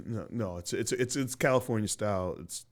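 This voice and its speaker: A man hosting a podcast in casual chat, telling a story with big swings from loud bursts to low mumbles. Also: normal speed. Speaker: podcast host.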